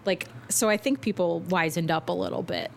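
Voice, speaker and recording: A woman's voice: lowish voice, fairly quick, vocal fry, a little hiss or hum. A woman chatting casually on a podcast, reflective and often hedging what she says. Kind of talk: casual chat.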